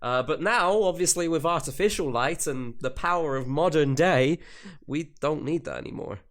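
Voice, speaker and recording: A man's voice: a little high, moderate pace. A tired young man co-hosting a podcast, chatting in a laid-back way and explaining things at length. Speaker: podcast co-host. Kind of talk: casual chat.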